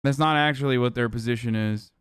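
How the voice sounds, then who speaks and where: Male streamer, sarcastic and swearing, smooth resonant voice, dry close sound. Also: mid-range voice, quick pace, fairly bright tone, dry recording. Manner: sarcastic, profane, mocking. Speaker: streamer reacting to chat and clips. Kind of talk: casual live-stream commentary.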